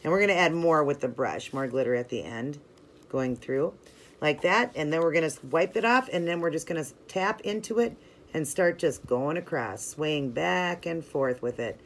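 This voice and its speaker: A woman's voice: low-pitched, normal speed. A woman hosting a nail art channel, talking casually step by step through her work with lots of "like" and "you know". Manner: chatty and friendly, filler-heavy ("like", "you know"); instructive, talks while working hands-on. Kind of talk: casual step-by-step tutorial narration.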